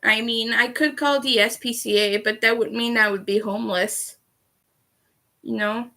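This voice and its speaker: A woman's voice: a little high, fairly bright tone. A young woman chatting candidly on a livestream, heated at times and swearing freely. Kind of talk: casual livestream chat.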